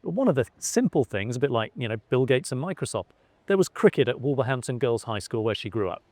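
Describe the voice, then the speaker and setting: A man's voice: mid-range voice, big pitch swings, fast talker, a little mellow, no echo. Hesitant middle-aged Englishman, dry close sound. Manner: hesitant, many fillers and restarts. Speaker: interviewee, son of a cricketer. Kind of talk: conversational interview.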